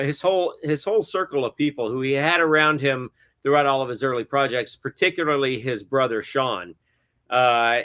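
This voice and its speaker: A middle-aged man speaks as an interview guest, moving through his stories with plenty of hesitant fillers. His voice sits at an ordinary pitch, and his tone stays casual and chatty. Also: sharp tone. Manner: rambling, many hesitant fillers, chuckles often. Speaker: guest cinematographer.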